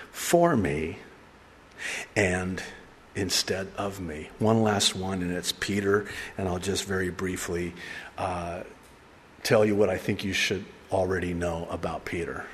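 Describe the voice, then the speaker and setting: Man, sermon preacher, animated storytelling, long hall reverb, faint room noise. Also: low voice. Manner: animated storytelling, acting out voices of Peter with humor.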